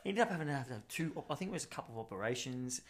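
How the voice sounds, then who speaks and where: A man's voice: medium pitch, lively intonation, rapid-fire, noisy background. An Australian man in his forties telling rambling anecdotes in a casual podcast chat. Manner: rambling anecdotes with put-on voices.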